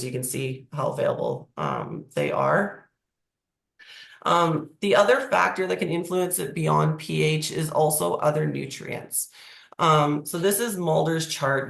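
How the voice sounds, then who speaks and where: A presenter with a croaky, hoarse voice from a cold, explaining slides in a webinar over a video call. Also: medium pitch, a bit bright. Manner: explanatory, walking through slides. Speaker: agricultural presenter. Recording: echoey room.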